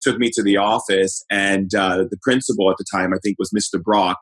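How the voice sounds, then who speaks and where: A middle-aged man with a fairly low, husky voice tells a personal story as an interview guest. He talks loosely, searching for words and restarting sentences, in an easygoing conversational manner. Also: a little fast, rough recording. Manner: relaxed, conversational recounting. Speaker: shaman guest.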